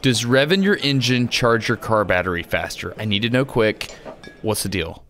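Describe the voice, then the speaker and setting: A man voicing a hurried male customer who speaks in an urgent, clipped way. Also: on the low side, expressive, fairly bright tone.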